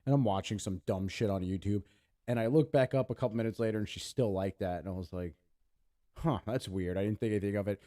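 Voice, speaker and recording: A man's voice: medium pitch, warm tone. A man from Pennsylvania in casual podcast chat, telling a rambling, profane story and acting out the people in it. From Pennsylvania, USA. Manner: rambling, profane, acts out voices in his stories. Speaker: podcast co-host.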